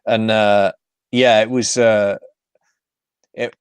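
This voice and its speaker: A man's voice: lowish voice, flat delivery, slow, clear, resonant tone, no room sound. A man hosting a podcast in casual film chat, enthusiastic and swearing freely, often restarting his sentences. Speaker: podcast host.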